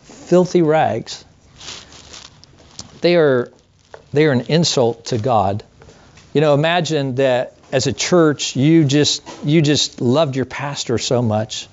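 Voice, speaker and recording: Brief: middle-aged man, pastor, conversational sermon, rhetorical questions, muffled low-fi church tape. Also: measured pace.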